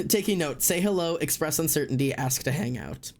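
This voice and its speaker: A man chatting casually with his live stream audience, excitable and frank, repeating words, saying "like" often and swearing freely. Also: on the high side, normal speed, gravelly.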